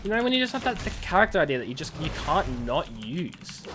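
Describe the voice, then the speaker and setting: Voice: medium pitch, sing-song, fast talker, a bit bright, soft background music. A game streamer chatting casually while playing, joking and laughing often. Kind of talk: casual gameplay chat.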